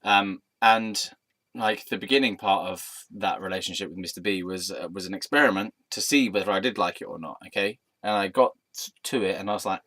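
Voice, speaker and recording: A man's voice: low-pitched, a little fast, pushed and bright, no room sound. A man telling a casual storytime monologue in a rambling, playful, self-amused way. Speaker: vlogger.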